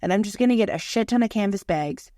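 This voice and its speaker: A woman in her thirties co-hosting a podcast, chatting candidly with lots of swearing and animated storytelling. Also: mid-range voice, fast talker, no echo, studio quality. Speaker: podcast co-host. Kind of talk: casual chat.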